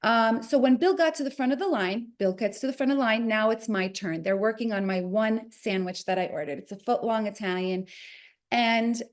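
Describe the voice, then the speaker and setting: Speaking at a moderate pace, a New Jersey woman in her forties recounts an animated story during an interview appearance. She has a somewhat high voice and brings every line of dialogue to life with lively shifts.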